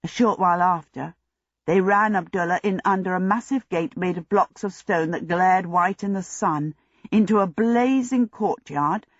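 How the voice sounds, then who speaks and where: An audiobook narrator reading a fantasy story in a steady, measured way. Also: medium pitch, dry recording. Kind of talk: scripted narration. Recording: dull lo-fi audio.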